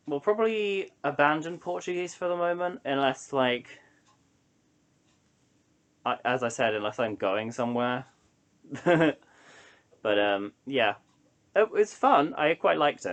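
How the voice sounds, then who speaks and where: A young man chatting casually to camera in a solo vlog, rambling and hesitant with lots of ums and restarts. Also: medium pitch. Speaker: vlogger.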